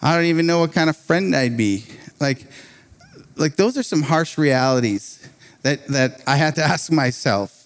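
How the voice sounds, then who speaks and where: Animated, higher-voiced male preacher. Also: moderate pace. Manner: animated, laughs between phrases, restarts. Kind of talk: sermon with storytelling.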